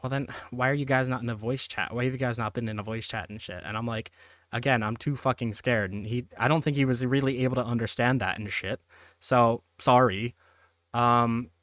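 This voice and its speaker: A man's voice: medium pitch, fairly bright tone, dry recording, studio quality. A young man in an angry personal rant, swearing often, stumbling and repeating himself, sometimes sarcastic. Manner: heated, swearing, repeats words and restarts.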